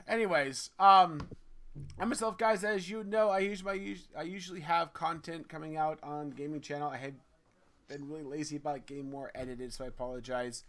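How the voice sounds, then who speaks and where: Upbeat, bright-voiced man hosting a podcast. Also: on the high side, fairly even intonation, brisk. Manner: upbeat, teasing, laughs readily. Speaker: podcast host. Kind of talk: casual podcast chat.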